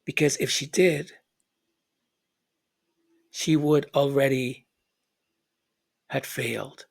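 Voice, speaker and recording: A man's voice: mid-range voice, steady tone, slow, vocal fry. A man giving earnest, reflective commentary. He often repeats words as he searches for them and acts out the voices he quotes.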